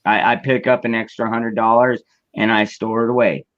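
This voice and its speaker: A man's voice: lowish voice, flat delivery, normal speed, dry recording. A man in a casual chat, talking hesitantly and often repeating words. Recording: dull lo-fi sound.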